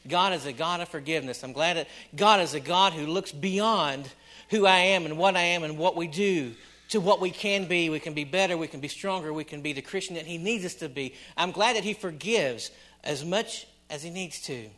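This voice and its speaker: A middle-aged man preaching a sermon, repeating phrases for emphasis and swinging between loud and hushed delivery. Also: fairly high pitch, moderate pace. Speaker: pastor.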